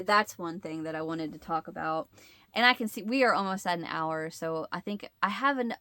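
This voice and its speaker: A woman's voice: on the low side, a bit bright, dry recording. A middle-aged woman hosting a crochet channel, chatting casually to her viewers and telling a rambling story, often losing her words and restarting.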